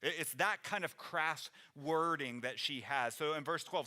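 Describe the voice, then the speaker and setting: A male pastor delivering a sermon in a church with an earnest, conversational manner, often circling back to restart a phrase. His voice is bright and ringing, sitting a little above the usual male pitch. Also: moderate pace, hardly any pauses. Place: church sanctuary.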